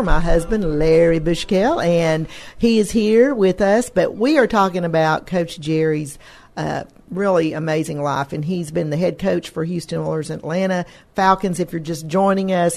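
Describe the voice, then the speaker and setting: A woman hosting a radio talk show, chatty and quick to laugh with her guest. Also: lowish voice, gravelly. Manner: friendly, chatty, laughs easily. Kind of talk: casual radio interview.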